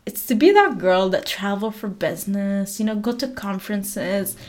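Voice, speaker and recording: A woman's voice: medium pitch, lively intonation, moderate pace. A woman of twenty hosting a podcast, chatting casually, rambling with fillers and laughing often. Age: 20s. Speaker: podcast host. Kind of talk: casual chat.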